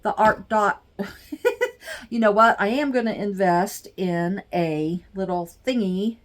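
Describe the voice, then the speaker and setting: A middle-aged woman speaks at an unhurried, drawn-out pace in a casual home vlog. She gushes with excitement and talks straight to her viewers, picked up by a camera mic in a craft room. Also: medium pitch. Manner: gushing, excitable, chatty with viewers. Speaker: vlogger.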